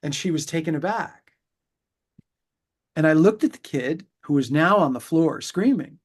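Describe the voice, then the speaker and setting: A middle-aged man from New York, a pediatrician, explaining his views in a measured, reflective way, with pauses and restarts. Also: on the high side, expressive. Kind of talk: conversational interview explanation.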